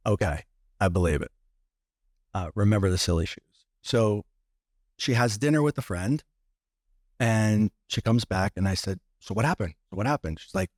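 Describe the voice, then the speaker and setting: A man's voice: lowish voice, darkish tone, no room sound, clean studio sound. A man guest on a podcast, telling a personal story with many restarts and acting out what others said.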